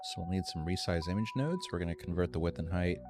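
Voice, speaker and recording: A man teaching a live screen-share tutorial, thinking aloud in a relaxed way with ums and restarts. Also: sits low, fast. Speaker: streamer teaching AI animation. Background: faint music.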